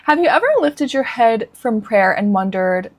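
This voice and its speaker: A woman's voice: fairly high pitch, animated, normal speed. A woman who coaches Christian women gives an earnest, encouraging devotional teaching talk and asks her listeners questions.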